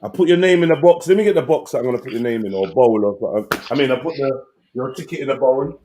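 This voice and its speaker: A man hosting a live online panel, bantering excitedly in slang over a video call. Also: medium pitch, fast. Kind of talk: casual group chat.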